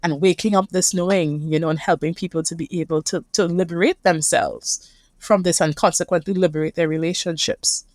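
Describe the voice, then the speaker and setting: A woman's voice: fairly low pitch, fairly even intonation, fairly quick, a little mellow, dry recording, studio quality. A woman with a Caribbean accent, a couples therapist speaking earnestly and reflectively as a guest in a conversational interview.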